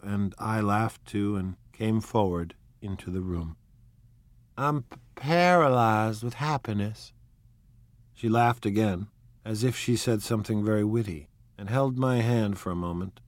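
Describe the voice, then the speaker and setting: A man reading a novel aloud in a measured, quietly expressive narration. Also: on the low side, no echo. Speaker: audiobook narrator.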